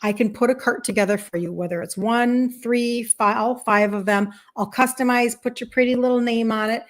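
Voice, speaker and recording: A woman's voice: fairly high pitch, fairly even intonation, moderate pace. A woman in her fifties, a health coach talking casually and emphatically to viewers on a live stream, encouraging and faith-tinged, acting out inner voices. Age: 50s.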